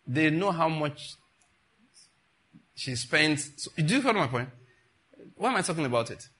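Pastor, middle-aged, bright and fairly high voice, animated sermon delivery. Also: male voice, moderate pace. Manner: animated and conversational, acting out dialogues.

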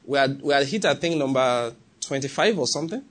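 A man's voice: mid-range voice, lively intonation, brisk, a bit bright. A man with a Nigerian English accent preaching a sermon, emphatic and often asking whether the congregation follows. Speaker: pastor.

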